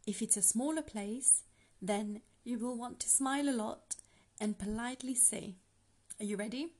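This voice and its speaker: A woman teaching a language lesson on a podcast, patient and slow, breaking phrases down for the listener to repeat. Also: mid-range voice, darkish tone.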